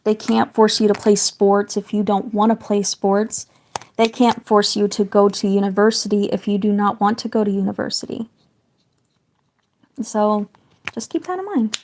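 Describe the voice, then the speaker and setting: A slightly hoarse woman with a raspy voice, a parent chatting casually and rambling on a livestream while she colours, hedging her words as she goes. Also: mid-range voice, level tone, normal speed, darkish tone, a little hiss or hum. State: slightly hoarse, getting sick. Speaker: livestreaming artist.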